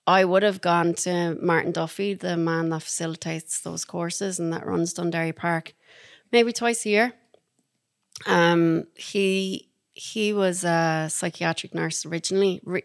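This is an Irish woman in casual conversation on a podcast, recounting experiences in a lively, chatty way. Her voice sits somewhat low for a woman. The sound is close and dry, with no room echo. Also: measured pace. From Ireland. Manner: chatty and animated, laughing through anecdotes. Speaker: podcast guest. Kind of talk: casual storytelling.

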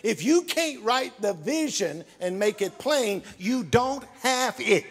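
A man preaching a sermon as pastor, emphatic and often shouting. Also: very high-pitched, animated, slow pace, noisy background. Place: church sanctuary. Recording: reverberant church hall.

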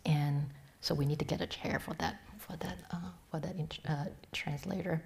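A middle-aged woman Dharma teacher giving a Buddhist talk, halting and full of restarts, often dropping to a soft near-whisper. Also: low-pitched, fairly even intonation, creaky. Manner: halting, with many restarts and fillers.

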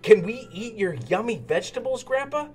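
A man's voice: extremely high pitch, expressive, moderate pace, a little mellow, faint music behind, voice pushed up. A man doing an eager little girl piglet. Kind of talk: storybook read-aloud.

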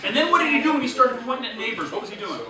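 A man's voice: extremely high pitch, racing, far from the mic, crowd noise. A man running a sales training class, telling stories and quizzing his trainees. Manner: lively storytelling, quizzes the class. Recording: echoey room, recorded from afar.

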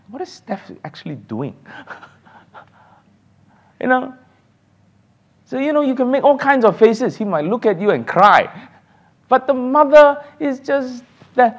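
Animated man teaching a Bible class. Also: very high-pitched, creaky. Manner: animated, laughs often, answers class questions. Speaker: Sunday school teacher.

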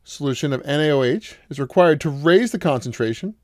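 A man's voice: fairly high pitch, expressive, brisk, no room sound, studio quality. A man giving a recorded college math lecture, explaining each step patiently and asking the class questions as he goes.

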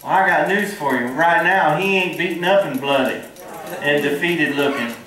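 In a church hall, a man preaches in a folksy, earnest way and draws responses from the congregation. His slightly high, somewhat bright voice moves at a moderate pace, heard from far off in an echoey space.

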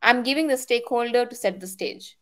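A young adult woman, a product manager, giving candid and energetic career advice, often repeating her key points. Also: a little high, a little fast.

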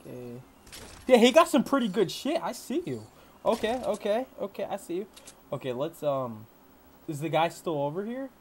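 A young man giving live gameplay commentary, boastful and hyped, yelling whenever he gets excited. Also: high voice, moderate pace, a little hiss or hum. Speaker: gamer.

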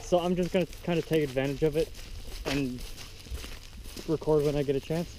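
A man's voice: fairly high pitch, fairly even intonation, a little fast, noisy background. A teenage boy rambling in a self-deprecating way as he vlogs outdoors at a scout camp. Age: teens. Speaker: vlogger. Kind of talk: casual vlog chat.

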